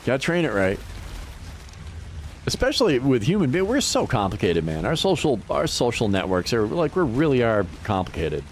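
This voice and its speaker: A man's voice: mid-range voice, normal speed, a little hiss or hum. Fifty-something guy streaming, swears a lot, laughs a ton, voice bouncing all over. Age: 50s. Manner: animated, profane, laughs often. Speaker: livestreamer. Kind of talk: casual chat.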